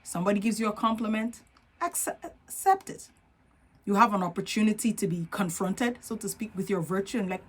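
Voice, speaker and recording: An earnest woman with a non-native accent coaches her audience on confidence in a motivational talk. Her voice sits at a medium pitch, and she keeps checking in with the listener. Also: animated, a little fast, breathy edge. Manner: earnest, coaching, often asks "right?".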